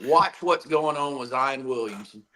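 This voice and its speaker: Blunt male co-host, bright voice. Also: medium pitch, animated. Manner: blunt, exasperated, quick to restart sentences. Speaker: sports talk co-host. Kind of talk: casual sports talk.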